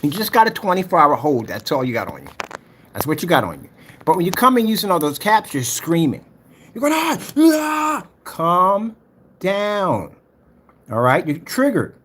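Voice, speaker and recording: A man's voice: fairly high pitch, sing-song, a little fast, a bit bright, slight background noise. A man hosting a livestream, ranting in a heated, mocking way and talking straight to his chat. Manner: heated, mocking, repetitive, talks to chat directly. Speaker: livestream host.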